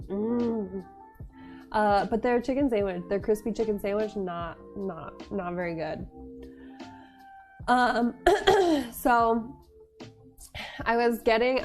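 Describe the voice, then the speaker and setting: A woman's voice: medium pitch, a little mellow. A young woman telling a story in a casual vlog, giggling often and rambling with lots of fillers. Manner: rambling, many fillers and restarts. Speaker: vlogger.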